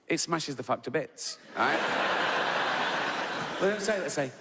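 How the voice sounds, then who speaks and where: Profane comic in a big hall. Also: male voice, a little high, animated, moderate pace, pauses often, very noisy. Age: middle-aged. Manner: profane, mocking, loose storytelling with many "right?" tags. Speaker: stand-up comedian. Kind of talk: stand-up comedy. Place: large theatre stage. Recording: big hall reverb, faint crowd ambience.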